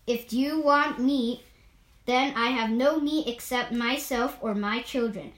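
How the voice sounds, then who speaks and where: A woman voicing a calm, confident male panda who speaks simply and firmly, in a storybook reading. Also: on the high side, slow, reverberant. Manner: calm and plain-spoken.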